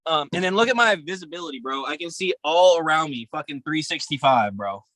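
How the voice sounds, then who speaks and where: A man's voice: on the high side, animated, fairly quick, a bit bright, no echo, rough recording. A man co-hosting a podcast over a video call from his camper, talking in a profane, upbeat, rambling way. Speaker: podcast co-host. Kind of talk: casual chat. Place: camper by a river outdoors.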